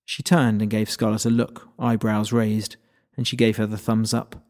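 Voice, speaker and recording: A man narrating a fantasy audiobook in a lowish voice. He reads in an even, steady storytelling manner. The narration sounds scripted and controlled. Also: moderate pace.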